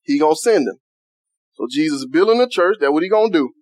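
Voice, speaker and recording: High-voiced preacher, casual Southern vernacular. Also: male voice, lively intonation, fast, no echo. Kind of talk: sermon.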